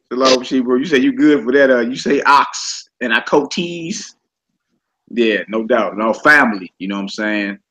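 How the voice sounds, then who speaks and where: A man with a bright, forceful voice teaches a casual live online class. He talks in a relaxed, conversational way and says each vocabulary word slowly and more than once for his students. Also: mid-range voice, rough recording. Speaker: Hebrew language teacher.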